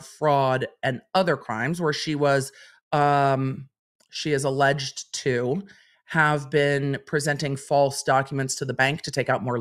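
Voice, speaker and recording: Wry, chatty woman commentating on court filings. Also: low voice. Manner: chatty, wry asides while reading legal documents aloud. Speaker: legal commentator host.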